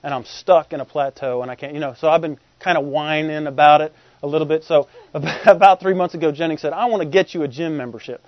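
Pastor guy preaching, chatty and folksy, highish voice, dry dull lo-fi sound. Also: quick pace, hardly any pauses, dry recording. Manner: folksy, conversational preaching with asides to the congregation. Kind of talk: sermon.

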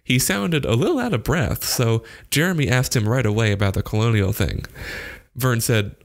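A man reading a comic short story aloud in an even, deadpan manner. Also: medium pitch, fairly quick. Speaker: audiobook narrator.

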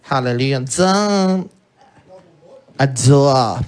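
An energetic preacher delivering a sermon who keeps checking in with the congregation. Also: medium pitch, drawn-out words, clear, resonant tone. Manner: energetic, checks in with frequent "okay?".

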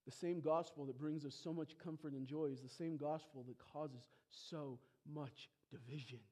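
A male pastor preaching a sermon, emphatic, with rhetorical questions, swinging between loud exclamations and hushed asides. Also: on the high side, fairly even intonation, moderate pace. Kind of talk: expository sermon.

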